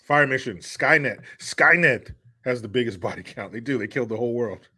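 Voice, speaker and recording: A man's voice: mid-range voice, brisk, bright, forceful tone, slightly rough. A man hosting a casual live show, reading viewer comments and riffing with crude jokes and profanity. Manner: crude, joking, drawling asides with profanity.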